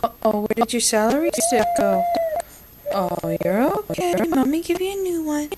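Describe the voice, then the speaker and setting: A woman's voice: high voice, wildly swooping pitch, normal speed, very noisy. A young mother filming her baby at home, coaxing him in sing-song baby talk. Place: home, indoors. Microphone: handheld camera.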